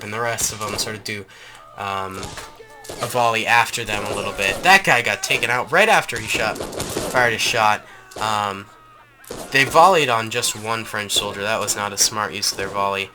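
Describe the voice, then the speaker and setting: A man's voice: on the low side, noisy background. A man hosting a gaming channel, giving enthusiastic, rambling gameplay commentary with frequent ums.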